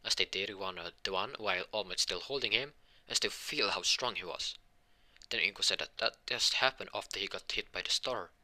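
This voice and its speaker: A young man rambles through a homemade fan story, often restarting his sentences. His voice has a forceful, bright edge and sits fairly low for a man. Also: a little fast. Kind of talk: casual fan-fiction storytelling.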